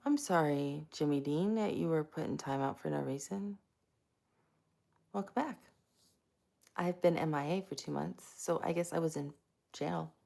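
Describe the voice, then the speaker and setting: A woman's voice: low voice, normal speed, vocal fry, long pauses, dark tone. A woman hosting a casual live stream, chatty and self-mocking, greeting viewers by name.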